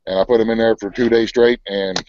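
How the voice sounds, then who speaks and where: A man's voice: lowish voice, steady tone, brisk, a little mellow, a little hiss or hum. Laid-back man on a muffled stream. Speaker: co-host of homestead live show. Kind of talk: casual chat.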